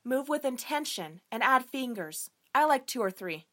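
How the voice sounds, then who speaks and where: A woman's voice: high voice, big pitch swings, normal speed, sharp tone, heavily acted. A woman reading as a bold, frank heroine.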